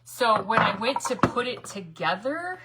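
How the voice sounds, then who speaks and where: A woman hosting a casual crafting livestream from her home craft room, rambling and greeting viewers by name, with hushed asides. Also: fairly high pitch, very animated, measured pace, very noisy. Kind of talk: casual live crafting chat.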